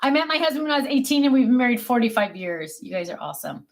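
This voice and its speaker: A woman's voice: a little high, very animated, quick pace. A woman hosting a casual livestream from her desk, chatting about herself and answering viewers' comments in a self-mocking, chatty way. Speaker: livestream host. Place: home desk.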